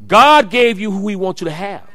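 A middle-aged pastor preaching to his church. His voice is high and sharply bright. He tells stories, then climbs into loud, shouted preaching, and the sound is dry and close. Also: animated, normal speed, dry recording. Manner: storytelling, rising to shouted preaching. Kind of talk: sermon.

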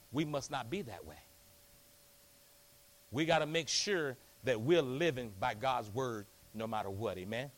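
A man preaching a lively sermon in a church, folksy and rousing, calling out to the congregation. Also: medium pitch. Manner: folksy, rousing, call-and-response. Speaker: pastor. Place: church hall.

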